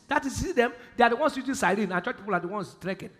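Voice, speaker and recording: A Nigerian pastor preaching in a very high, lively voice that leaps up and down. His tone is bright and forceful, and he throws in sudden shouted lines. The sound carries the long reverb of a large church hall. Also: racing, hardly any pauses. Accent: Nigerian English. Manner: preaching with sudden shouted emphasis and Bible quotes. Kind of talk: sermon.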